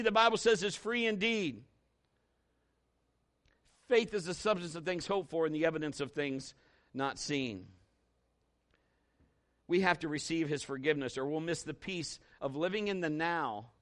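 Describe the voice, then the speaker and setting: High-voiced folksy male preacher. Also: a bit bright. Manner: folksy, conversational preaching with acted-out stories; emphatic, with scripture quotes. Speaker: pastor. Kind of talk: sermon.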